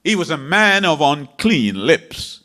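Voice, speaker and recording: A man's voice: a little high, sing-song, slow pace, pushed and bright. A man preaching a sermon, reading scripture in a dramatic, emphatic way.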